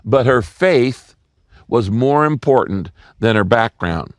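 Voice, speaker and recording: A man's voice: medium pitch, lively intonation, slow pace, no room sound. An older man preaching a sermon, telling stories and acting out quoted voices, repeating key lines for emphasis. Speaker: pastor.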